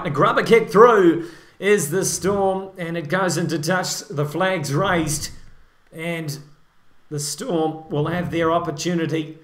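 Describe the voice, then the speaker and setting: High-voiced man calling a match. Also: fairly bright tone, echoey room. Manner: brisk play-by-play with playful banter. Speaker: lead commentator. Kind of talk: comedic amateur sports commentary.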